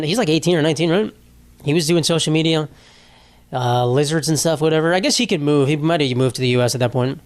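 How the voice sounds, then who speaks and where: A man's voice: fairly high pitch, fast talker. A young man hosting a casual solo podcast, rambling and joking with plenty of swearing. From United States. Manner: rambling, profane, jokey. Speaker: podcast host.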